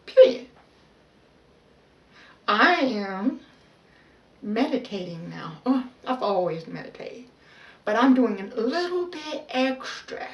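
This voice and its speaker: A woman talks through a personal self-help vlog at a slow, deliberate pace, pausing and restarting as she goes. Her voice sits a little away from the microphone, with a roomy echo and faint background noise. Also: fairly high pitch, big pitch swings, recorded from a distance, lo-fi sound. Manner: slow, halting, heartfelt delivery with pauses and restarts. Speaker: vlogger. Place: outdoors.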